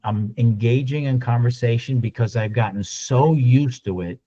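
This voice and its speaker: A man giving a lunch-and-learn sales talk, animated and acting out little dialogues as he goes. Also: medium pitch, normal speed, dull audio. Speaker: sales trainer.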